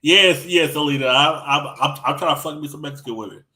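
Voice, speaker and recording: A man telling crude stories in casual podcast chat. He rambles with lots of restarts and acts out what others said, swinging loud and soft. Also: on the high side, a little fast, low-quality recording.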